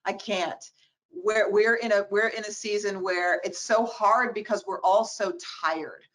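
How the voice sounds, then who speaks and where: A woman in her forties, a diversity expert, telling personal stories in a webinar interview on a video call, animated and expressive. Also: mid-range voice, measured pace, rough recording. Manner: animated, expressive storytelling with quoted voices. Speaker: diversity expert, guest speaker.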